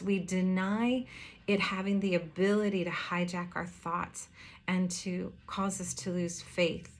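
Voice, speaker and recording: A woman pastor preaching a heartfelt, earnest sermon, with pauses and some hesitations. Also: on the low side, gravelly.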